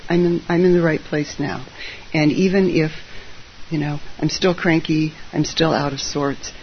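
Middle-aged speaker, informal dharma talk, conversational, dry gentle humor, muffled recording, faint hiss. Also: medium pitch. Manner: conversational, many ums, gentle self-deprecating humor. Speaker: Zen dharma teacher.

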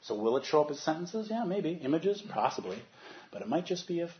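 Male meditation teacher, dharma talk, animated, soft then loud, acts out inner voices, slightly muffled recording. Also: on the high side, fairly quick, slight background noise.

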